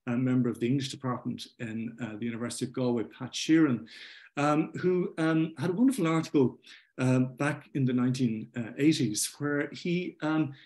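A man's voice: mid-range voice, a little mellow. Guy giving a symposium talk, lots of uh and um, drops off at the end of phrases, middle-aged. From Ireland. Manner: halting, many fillers, trailing off at phrase ends. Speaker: symposium speaker. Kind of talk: academic talk.

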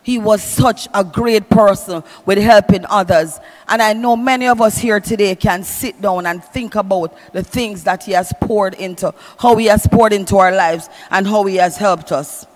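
A woman's voice: mid-range voice, moderate pace, hardly any pauses. A woman preaching a funeral eulogy in a church, reading scripture in a sing-song preaching cadence and calling out to the congregation. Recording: long church reverb with music.

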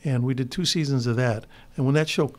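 An older Chicago man, a guest actor in a relaxed interview, spins long, rambling anecdotes full of restarts. His voice is medium-pitched and fairly quick.

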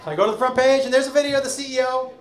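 A middle-aged American man doing stand-up, telling a story and acting out voices with sudden shouts and shrieks. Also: extremely high pitch, steady tone, very fast. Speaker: stand-up comedian. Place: comedy club stage. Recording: roomy club sound with audience.

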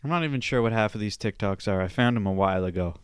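Young male podcaster, solo rant, crisp dry voice, swears a lot, rambles. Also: on the low side, fast, no echo. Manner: profane, rambling, animated storytelling. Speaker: podcast host.

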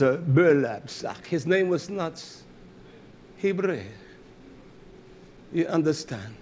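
Impassioned preacher man, high and lively. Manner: impassioned, swinging from low murmurs to shouts. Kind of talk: sermon.

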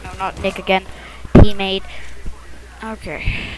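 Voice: medium pitch, moderate pace, very noisy. A first-time gamer commentating their own shooter match in a casual, rambling, self-conscious way, with muttered asides, recorded at home on a close mic that the lips bump.

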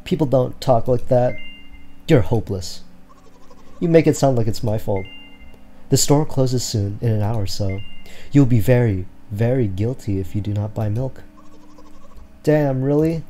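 Male let's-player reading game text aloud, mellow and warm, awkward and self-deprecating, faint music behind. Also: medium pitch, unhurried, pauses often. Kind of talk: reading a game's dialogue aloud.

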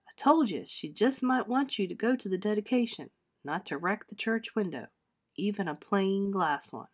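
A steady, low-voiced older uncle speaks gently but leaves no room for argument, as a woman reading a storybook puts him on. His voice stays soft and calm. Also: normal speed, natural voice. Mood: gentle firm. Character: gentle but firm older uncle, rural Southern speech.

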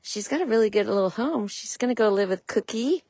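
Lively-voiced woman at a horse rescue. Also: fairly quick, no echo. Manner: coos in a high sing-song to the animals between plain explanations. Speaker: horse rescue volunteer showing the animals. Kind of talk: casual walkaround vlog. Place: outdoors at a farm with horses.

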